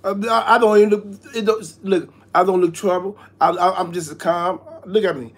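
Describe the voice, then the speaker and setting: A man's voice: sits high, fairly even intonation, moderate pace. A man in a comedy skit, stammering and repeating words as he launches into profane rants.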